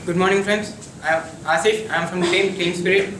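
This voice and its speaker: A young man presenting in class, spelling words letter by letter in a brisk recital. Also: high voice, steady tone, a bit bright, a little hiss or hum. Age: young adult. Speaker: student presenter. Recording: echoey classroom from far off.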